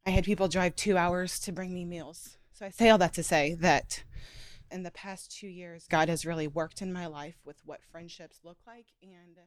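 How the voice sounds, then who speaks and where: Young woman, low-ish voice, emotional group sharing, wavering and trailing off quietly, dry sound. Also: fairly even intonation, normal speed, no room sound. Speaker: book group member.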